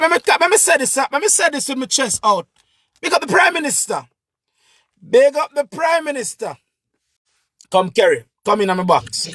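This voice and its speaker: A Jamaican man with a strikingly high voice hosts a livestream and chats with viewers. He talks in an animated, repetitive way that keeps circling back to his point. The sound is dry and close. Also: no echo. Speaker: livestream host. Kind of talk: casual livestream talk.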